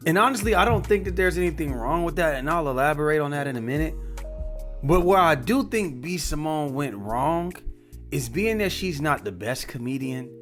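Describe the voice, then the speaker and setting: A man's voice: on the high side, expressive, normal speed, a bit bright, soft background music. A man hosting a commentary show, talking candidly and casually as he gives his opinions. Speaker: commentary channel host.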